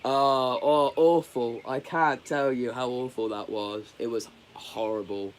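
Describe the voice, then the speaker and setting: A man chatting candidly on a live stream, rambling and halting. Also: medium pitch, steady tone, slight background noise. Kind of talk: casual live stream chat.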